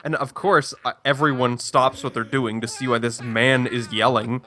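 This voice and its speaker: A man's voice: mid-range voice, fairly even intonation, normal speed, sharp tone. A young man, telling a story in casual chat with restarts and rambling. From Canada. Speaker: stream co-host.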